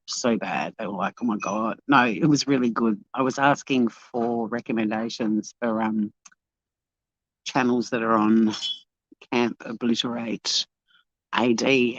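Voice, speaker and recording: Speaking in an extremely low pitch, this Australian woman is bubbly and talkative, casually chatting with her live-stream viewers while walking at a beachside cafe. There's no echo, and the sound is dull, lo-fi phone audio.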